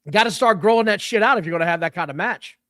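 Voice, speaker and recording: A man co-hosts a wrestling podcast and talks in a fired-up, opinionated way. His voice sits high and swoops around a lot. The sound is dry and close to the mic. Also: rapid-fire, no echo. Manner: animated, opinionated ranting. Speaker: podcast co-host. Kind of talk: casual chat.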